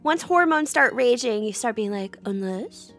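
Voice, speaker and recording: Chatty high-voiced Southern American woman. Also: moderate pace, creaky, faint music behind. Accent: Southern American, mild. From Southern United States. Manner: animated, laughs often, many restarts. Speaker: streamer. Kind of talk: casual chat.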